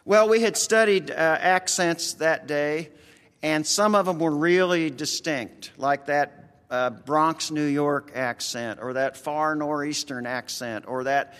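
A man's voice: fairly high pitch, slow pace, fairly bright tone, smooth, big-room sound. A man with a rural American accent preaching a conversational sermon, earnest and folksy, talking straight to his congregation.

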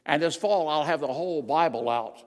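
Older preacher with a high voice echoing in a hall. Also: male voice, moderate pace. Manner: emphatic, swings between loud declarations and quiet asides. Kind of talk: sermon with slides. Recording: long reverb of a large hall.

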